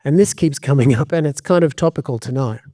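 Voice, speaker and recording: A man giving a community talk as a dog trainer, lively and conversational with joking asides. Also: mid-range voice, a little fast, no room sound, clean studio sound.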